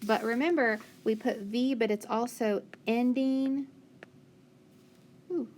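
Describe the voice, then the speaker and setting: A woman's voice: a little high, fairly even intonation, takes it slowly, a little mellow, a little hiss or hum. A woman teacher leading a phonics lesson for young children, patient and encouraging, asking questions and praising answers.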